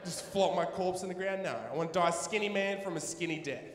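A man's voice: sits high, steady tone, quick pace. A man doing a loose, rambling, slangy stand-up routine on a large theatre stage. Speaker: stand-up comedian. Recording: echoey hall, live stage.

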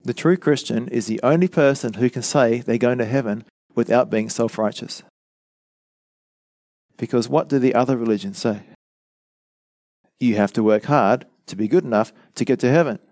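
A man's voice: medium pitch, moderate pace, pauses often, darkish tone, no room sound, studio quality. A man giving a teaching sermon, earnest and emphatic, who explains with rhetorical questions and repeated lines. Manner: rhetorical questions, acts out quoted voices. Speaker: preacher.

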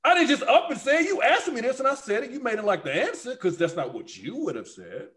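A man's voice: high-pitched, sing-song, fast, a bit bright. A man in casual chat, emphatic and opinionated, swearing freely as he makes his point.

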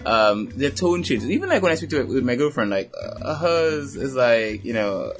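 A man chatting casually on a podcast, telling a story with lively acted-out voices, swearing now and then and laughing often. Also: medium pitch, moderate pace, faint music behind. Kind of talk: casual chat.

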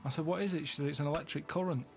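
A man telling rambling deadpan anecdotes in casual comedic chat. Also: fairly high pitch, racing, creaky, over music. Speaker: podcast regular.

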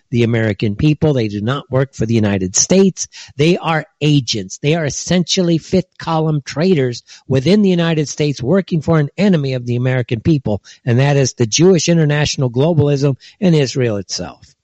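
A man hosting an online opinion show, talking in a heated, scornful way, with his voice jumping high when he is indignant. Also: animated, normal speed, few pauses, darkish tone, dry recording. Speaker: political commentary host. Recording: dull lo-fi dry recording.

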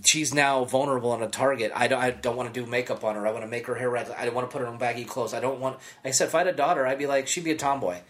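A man's voice: mid-range voice, fairly even intonation, very fast, hardly any pauses. A man co-hosting a casual podcast chat, earnest and rambling, with self-correcting asides. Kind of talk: casual conversation.

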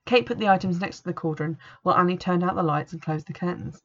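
Woman with a gravelly low voice. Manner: plain, matter-of-fact, unhurried. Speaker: book reviewer and reader. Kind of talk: book review and read-aloud narration. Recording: dull lo-fi recording.

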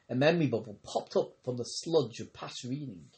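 A man's voice: medium pitch, animated, normal speed, darkish tone. A man reading a novel aloud as an amateur audiobook narrator, who stumbles over words now and then and corrects himself. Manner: reads with occasional stumbles and self-corrections. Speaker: audiobook reader. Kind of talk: scripted narration.

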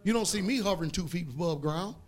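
A man preaching a sermon as pastor, fervent and rising into shouts. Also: high voice, expressive, quick pace.

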